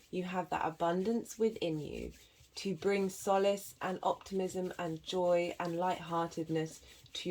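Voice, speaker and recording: A woman giving a tarot and astrology reading to viewers, gentle and meandering, with frequent pauses and filler words. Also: on the low side. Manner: gentle and meandering, with many ums and soft laughs. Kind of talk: slow, reflective spiritual reading to viewers.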